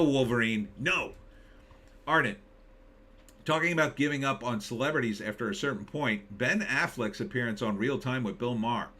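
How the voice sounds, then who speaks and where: A man's voice: medium pitch, sharp tone. A man hosting a casual live stream, reading chat and joking sarcastically. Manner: sarcastic, jokey, mocking impressions.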